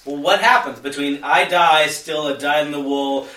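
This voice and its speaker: A man's voice: on the high side, moderate pace, pushed and bright, reverberant, distant mic, poor audio. A man co-hosting a podcast, talking through theology in a thoughtful, rambling way. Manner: thoughtful, rambling, self-correcting. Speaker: podcast co-host. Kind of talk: casual theological discussion.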